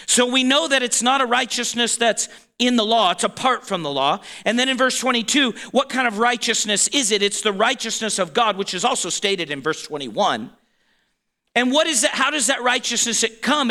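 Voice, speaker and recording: A man preaching a sermon in an animated, emphatic way, with playful asides. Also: very high-pitched, moderate pace.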